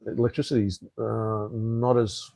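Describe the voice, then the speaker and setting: A man's voice: lowish voice, level tone, a little slow, vocal fry, mellow, dry recording. A middle-aged Australian man who hosts a casual live stream and rambles bluntly, swearing freely and often restarting his sentences.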